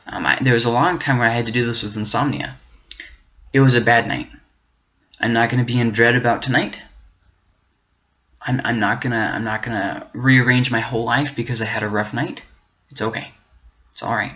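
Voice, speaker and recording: Earnest man giving a halting pep talk. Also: medium pitch, steady tone, pushed and bright. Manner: earnest and encouraging, with frequent restarts and repeated words. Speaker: self-help channel host. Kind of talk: motivational faith-based talk. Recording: dull, muffled lo-fi audio.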